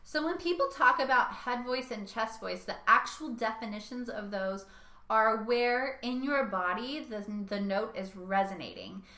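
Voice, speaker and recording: Bright, lively woman vocal coach. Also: fairly high pitch, measured pace, reverberant. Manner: lively, demonstrates sounds with her voice. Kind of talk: singing lesson to camera.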